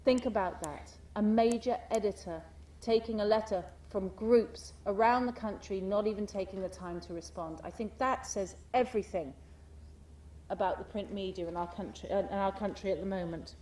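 A woman giving a speech to an audience, animated and full of rhetorical questions, mimicking the people in her stories. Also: medium pitch, normal speed, recorded from a distance. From United Kingdom. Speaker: speaker giving a talk.

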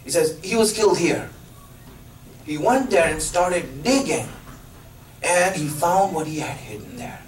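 A man's voice: on the high side, lively intonation, slight background noise. Preacher man in an echoey hall. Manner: halting, filler-heavy narration with emphatic questions. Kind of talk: sermon storytelling. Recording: echoey room from a distance.

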